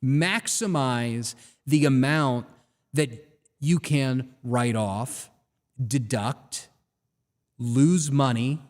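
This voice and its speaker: A man hosting a live talk show, delivering an animated, ranting monologue full of rhetorical questions. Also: medium pitch, drawn-out words, long pauses, in a large hall. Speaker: host.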